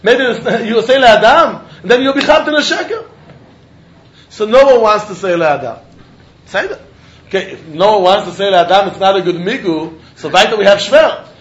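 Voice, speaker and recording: High-voiced man giving a lively Talmud lecture. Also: muffled recording. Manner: animated, sing-song reasoning with quick laughs. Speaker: Talmud teacher.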